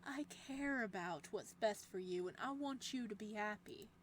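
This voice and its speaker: A woman voicing a possessive male librarian who holds someone captive, reading the lines of a visual novel slowly and gently. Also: medium pitch, slight background noise, close to an everyday voice. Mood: gentle, doting. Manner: slow, gentle, controlled, with menace beneath. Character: possessive soft-spoken male librarian captor.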